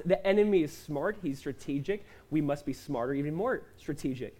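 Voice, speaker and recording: A man's voice: sits high, a little mellow. A male pastor delivering a sermon in a conversational way, acting out quotes and asking the congregation questions. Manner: conversational preaching with quick asides and acted-out quotes.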